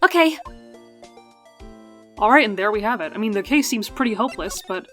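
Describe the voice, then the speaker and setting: A woman's voice: medium pitch, fast, fairly bright tone, faint music behind. Chatty woman gaming host. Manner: chatty, self-deprecating. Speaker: let's play host. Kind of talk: casual game commentary.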